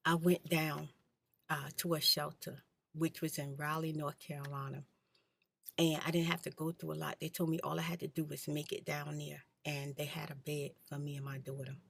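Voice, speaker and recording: A woman hosting an ASMR channel, telling her personal story in a soft-spoken, candid, blunt way and sometimes dropping to a whisper. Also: sits low, little pitch movement, moderate pace, vocal fry, slight background noise.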